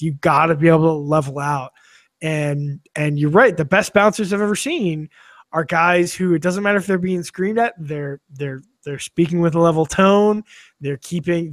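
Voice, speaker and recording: A man's voice: fairly high pitch, dry recording, clean studio sound. A man co-hosting a podcast, chiming in with wry, swearing remarks in casual chat. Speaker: podcast co-host.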